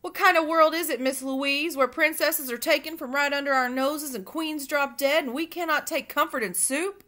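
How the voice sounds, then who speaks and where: A woman doing a loud wailing kitchen cook. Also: high-pitched, normal speed, few pauses, voice pushed up. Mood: distraught. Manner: loud, wailing, near tears. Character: weeping stout middle-aged woman cook, fierce.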